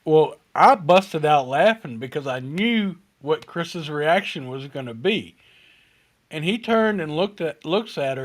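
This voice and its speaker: A man's voice: on the high side, lively intonation, a little slow. Laid-back male host telling a bar story. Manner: swears freely, laughs through anecdotes. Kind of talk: casual chat, storytelling.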